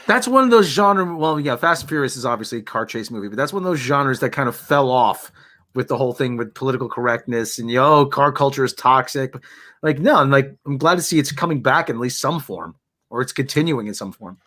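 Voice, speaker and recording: A man's voice: mid-range voice, expressive, fairly quick, bright, forceful tone. A man chatting as a guest on an online panel, offering offhand opinions. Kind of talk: casual panel chat.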